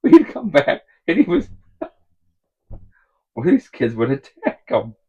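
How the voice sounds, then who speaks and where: A man's voice: fairly high pitch, wildly swooping pitch, normal speed, creaky, breathy edge, phone-quality sound. A middle-aged man telling rambling stories in a casual vlog, chuckling often as he talks. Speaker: vlogger.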